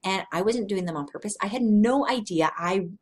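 A woman's voice: mid-range voice, a little mellow. A woman in her thirties giving a devotional teaching talk, earnest and conversational, telling personal stories frankly. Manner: earnest and conversational, slow and deliberate. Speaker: Christian speaker.

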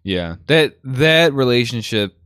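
A man's voice: mid-range voice, expressive, measured pace, fairly bright tone, no echo, studio quality. A man hosting a casual podcast chat, rambling and enthusiastic with many restarts. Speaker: podcast host.

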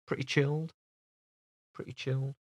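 A man's voice: medium pitch, flat delivery, normal speed. A man co-hosting a podcast, chatting in a rambling, casual way from his home office. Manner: rambling, chatty, laughs often. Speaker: podcast co-host. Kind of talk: casual chat.

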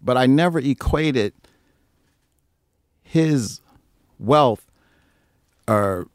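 Male storyteller, relaxed and profane, lively pitch, dry close sound. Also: very slow, dry recording. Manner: animated, swings into loud high mimicry while telling stories; swears freely, laughs often. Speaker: guest musician. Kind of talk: casual storytelling.

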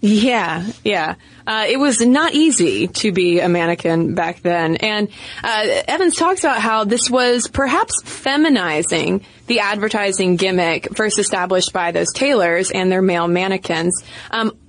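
A woman's voice: medium pitch, expressive, unhurried, no room sound. Laughing woman podcast host, dry sound. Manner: playful, laughs often, breaks into sung quotes. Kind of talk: casual conversational history chat.

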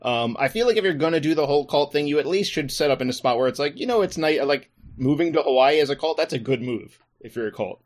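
A man hosting a sports podcast, talking casually with wry, deadpan asides. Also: on the high side, fast, few pauses. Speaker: podcast host.

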